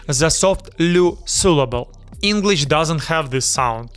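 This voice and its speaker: A man from Ukraine with a Ukrainian accent, hosting a pronunciation lesson and speaking slowly and deliberately, repeating words to demonstrate their sounds. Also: on the high side, expressive, fairly bright tone, smooth. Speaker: YouTube host teaching pronunciation.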